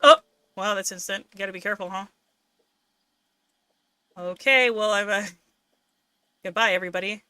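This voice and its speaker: A woman's voice: medium pitch, moderate pace, pauses often, pushed and bright, smooth, no echo. A young adult woman streaming a game, talking in rambling, frustrated asides. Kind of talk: live game stream commentary.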